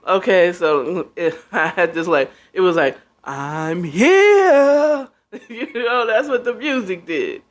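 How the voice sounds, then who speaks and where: A woman's voice: fairly low pitch, expressive, a little slow, few pauses, faint music behind. Woman, fifties, podcast host, venting and profane, weary, casual livestream talk. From United States. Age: 50s. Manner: venting, profane, tired and emotional.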